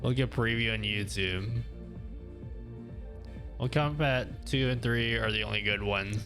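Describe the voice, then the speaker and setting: A man's voice: lowish voice, a little slow. A man streaming live, chatting casually with viewers in an easygoing, rambling way and laughing often. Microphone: studio mic through audio mixer. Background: faint background music.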